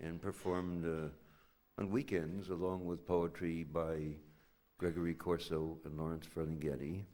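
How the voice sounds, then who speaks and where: An older man, a poet, reading his work live on a theatre stage in an incantatory chant that builds to loud cries, then talking plainly to the audience. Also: sits low, little pitch movement, a little slow.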